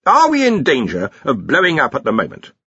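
A man voicing a blunt, commanding older male head wizard who talks gruffly, in a slightly dull recording. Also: medium pitch, wildly swooping pitch, fairly quick, bright, forceful tone, dry recording, exaggerated voice. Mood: stern.

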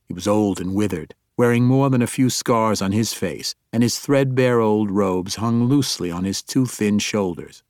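This fantasy audiobook is read by a man with a lowish voice who tells the story in a measured, level way. The studio-quality recording has no room sound.

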